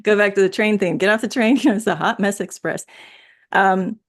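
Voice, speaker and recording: A woman's voice: medium pitch, moderate pace. A woman guest in a casual spiritual conversation, rambling and laughing often, with many restarts. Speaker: interview guest.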